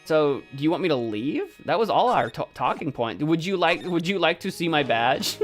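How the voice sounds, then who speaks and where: Chatty woman playing a game, lively voice. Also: low-pitched, moderate pace, few pauses, music in the background. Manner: chatty, self-mocking, laughs often. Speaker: let's play streamer. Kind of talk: casual gameplay commentary.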